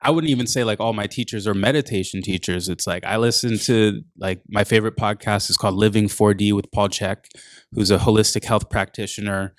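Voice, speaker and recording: A man's voice: lowish voice, fairly even intonation, brisk, no echo, clean studio sound. A man chatting casually on a podcast as a meditation and wellness coach, laid-back and full of filler words.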